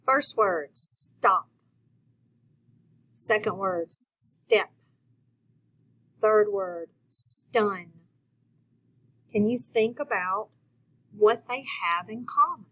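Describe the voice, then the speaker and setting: A woman's voice: medium pitch, fairly bright tone, breathy edge, rough recording. A woman teaching a phonics lesson to children, speaking patiently and encouraging her viewers to answer. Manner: slow, patient, encouraging, talks to viewers directly.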